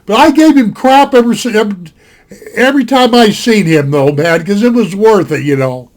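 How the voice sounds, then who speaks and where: A man's voice: high-pitched, brisk. A man in his seventies telling a true story from his army days in a folksy, rambling way at home on a desktop microphone. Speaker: storyteller vlogger. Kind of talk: casual spoken storytelling. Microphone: desktop computer mic.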